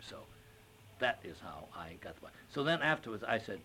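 Older man, low voice, interview anecdote, animated storyteller, acts out quotes, fillers. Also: moderate pace, slight background noise. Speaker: interviewee, stage actor.

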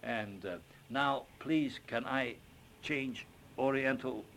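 A man's voice: medium pitch, slow, fairly bright tone, a little hiss or hum, pitched above the performer's own voice. An older man voicing an overly formal male stage character who speaks in stilted, ceremonious broken English. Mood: polite pleading.

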